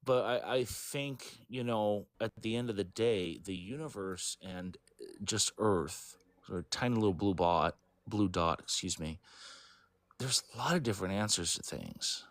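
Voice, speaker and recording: A man with a fairly low voice recounts a personal story in a casual interview. He rambles and halts, stacking fillers and correcting himself as he goes, and the recording is close and dry. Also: no echo. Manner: rambling, halting, full of fillers and self-corrections.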